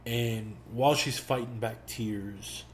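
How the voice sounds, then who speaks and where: Young guy telling a story on his podcast, takes his time, mid-pitched voice, bit of faint room noise behind. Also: steady tone. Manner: slow, reflective storytelling with pauses. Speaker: podcast host. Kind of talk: storytelling monologue.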